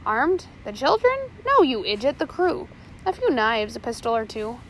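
A woman's voice: fairly high pitch, big pitch swings, moderate pace, fairly bright tone, a little hiss or hum, low-quality recording. Blackstash, a cold pirate captain, read by a woman. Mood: commanding. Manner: curt, commanding orders. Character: cunning, ruthless male pirate captain.

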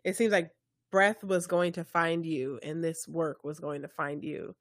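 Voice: mid-range voice, measured pace, no room sound. A podcast host speaks in a mid-range voice, mostly with short, supportive interjections. The tone is casual and the recording is dry.

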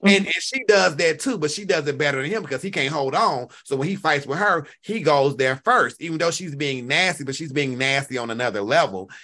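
Animated man with a bright voice. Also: brisk, hardly any pauses. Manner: animated, swings pitch up when quoting others. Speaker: podcast co-host. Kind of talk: casual gossip chat.

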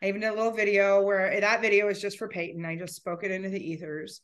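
A woman's voice: medium pitch, flat delivery, quick pace. A woman talking as a guest in an emotional, heartfelt conversation, at times near tears.

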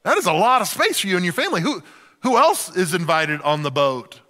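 A man's voice: high voice, big pitch swings, pushed and bright, long reverb tail, full character voice. A pastor voicing a nosy neighbor man who fires off questions about a project in the yard. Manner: prying, rapid-fire questions.

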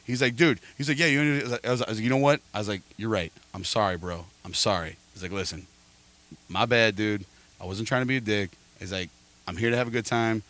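A middle-aged man, a podcast host, telling an animated story in casual chat and quoting people back and forth. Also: fairly low pitch, a little fast.

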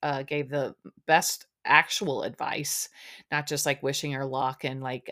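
A chatty middle-aged woman with a low voice hosts a podcast on her own, talking casually. She rambles along with plenty of fillers and sounds a bit sleepy. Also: level tone, moderate pace, a bit bright. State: sleepy, yawning. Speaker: podcast host recapping a reality show. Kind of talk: casual solo chat.

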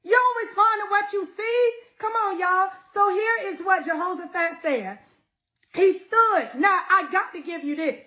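A woman's voice: very high voice, measured pace, bright, forceful tone, low-quality recording. A middle-aged woman preaching a sermon with feeling, often calling her listeners y'all.

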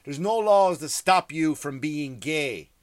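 A man's voice: fairly high pitch, expressive, slow pace, dry recording. A man, a stand-up comedian, delivering a profane, exasperated comedy rant. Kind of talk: ranting comedy monologue.

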